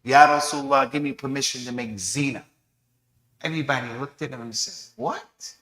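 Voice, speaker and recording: In an echoey mosque prayer hall, a man with a medium-pitched, fairly bright voice teaches a lesson in sermon style. He speaks briskly with fairly even intonation, animatedly telling a story and acting out the voices of its characters.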